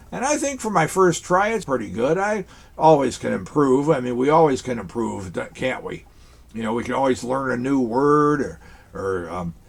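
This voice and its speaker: Give me a man as a folksy Santa Claus talking kids through a craft, with a lively husky voice. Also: on the high side. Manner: folksy, chatty, talks straight to children. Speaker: Santa Claus performer hosting a kids' craft show. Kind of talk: children's craft demonstration.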